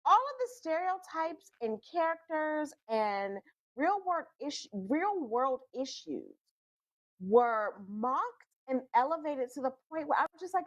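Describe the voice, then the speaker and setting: Animated, high-pitched woman reviewing a film. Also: a little slow, dull audio. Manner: animated, emphatic, stammers when excited. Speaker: movie review panelist. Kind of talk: casual chat.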